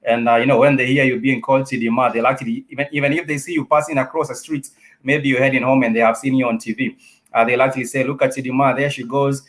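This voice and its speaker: A man's voice: mid-range voice, steady tone, fast, a bit bright. A man hosting a studio interview show, rambling through questions with many fillers. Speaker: talk show host.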